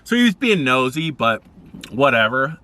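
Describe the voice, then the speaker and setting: A man's voice: sing-song, normal speed, pushed and bright. A man telling casual stories in a rambling, laid-back way on a vlog. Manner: rambling, laid-back, acts out quoted people in higher voices. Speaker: vlogger. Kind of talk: casual storytelling.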